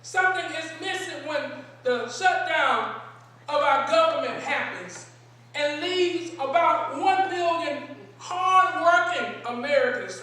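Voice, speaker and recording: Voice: sits high, pushed and bright, heavy reverb. A preacher delivering a sermon in a large synagogue sanctuary, asking rhetorical questions and repeating key phrases, recorded from a distance.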